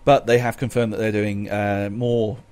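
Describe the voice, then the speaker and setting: A man's voice: fairly low pitch, level tone, moderate pace, a little mellow. A man hosting a casual podcast chat, rambling along with many fillers. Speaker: podcast host.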